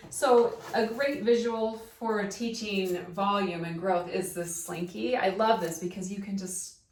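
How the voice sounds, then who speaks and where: A woman's voice: mid-range voice, steady tone, a little slow. Chatty woman teaching, roomy and distant. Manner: chatty, upbeat, self-interrupting with asides. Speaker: primary singing time teacher. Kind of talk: casual instructional talk.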